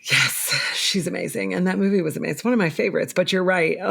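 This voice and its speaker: A woman's voice: on the low side, fast, gravelly, a bit bright, slightly rough. A woman from South Jersey hosting a podcast, chatting in a bubbly, enthusiastic way. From South Jersey, USA. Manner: bubbly, enthusiastic, laughs often. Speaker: podcast host. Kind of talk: casual interview chat.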